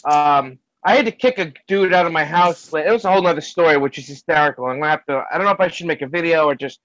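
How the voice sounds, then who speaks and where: A man's voice: fairly high pitch, fast talker, a bit bright, no echo. A man rambling in a loose, casual chat on a video call, swearing freely. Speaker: hangout participant. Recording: dull lo-fi sound in a dry space.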